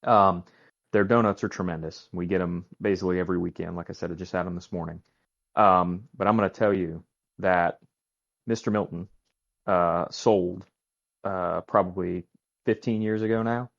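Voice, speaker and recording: Low gravelly podcast co-host. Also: male voice, fairly even intonation, moderate pace, no echo, lo-fi sound. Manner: hesitant, many ums, wry jokes. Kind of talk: casual chat.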